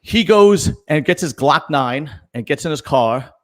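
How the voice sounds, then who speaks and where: A male podcast host with a slightly high, animated voice speaks a little slowly as he chats casually about news stories. He rambles with many fillers and restarts, and reads out jokes for viewers who donate.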